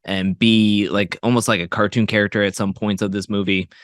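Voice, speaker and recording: A man's voice: on the low side, level tone, brisk, no room sound, clean studio sound. A man co-hosting a podcast, giving his movie opinions casually with a lot of hesitation. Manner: hesitant, many fillers and restarts. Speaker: podcast guest co-host. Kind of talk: casual movie review chat.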